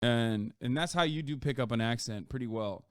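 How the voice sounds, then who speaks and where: A man streaming live and chatting casually, rambling and swearing, his pitch leaping up when he gets worked up. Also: normal speed, clean tone, dry recording, clean studio sound. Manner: profane, rambling, with sudden loud jumps in pitch.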